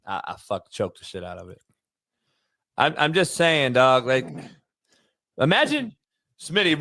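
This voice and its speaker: A man hosting a sports talk show, telling profane, animated stories in casual chat. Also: mid-range voice, no room sound. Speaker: host.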